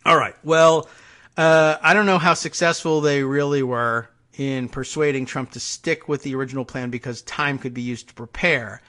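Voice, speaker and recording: A man's voice: mid-range voice, steady tone, normal speed, a bit bright. A man hosting a political podcast, reading news stories aloud with sardonic, wry asides.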